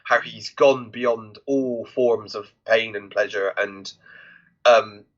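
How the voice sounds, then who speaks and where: A man with a husky voice chats casually as a co-host on a film podcast. The recording sounds dull and lo-fi. He talks haltingly, often restarting mid-sentence as he reaches for his point. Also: lowish voice, fairly even intonation. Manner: halting, many restarts while searching for words.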